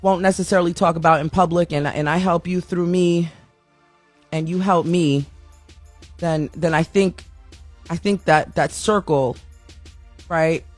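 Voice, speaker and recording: A woman's voice: sits low, no room sound. Candid woman host, dry close sound. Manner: candid and self-deprecating, laughs often. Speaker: talk show host. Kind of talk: casual chatty monologue. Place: home studio.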